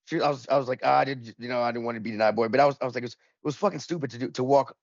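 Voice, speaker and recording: On a podcast, a male co-host with a medium-pitched, rapid-fire voice and vocal fry tells a rambling, profane story full of restarts, acting out both sides of an argument. It's casual storytelling chat, and the lo-fi recording sounds dull and dry.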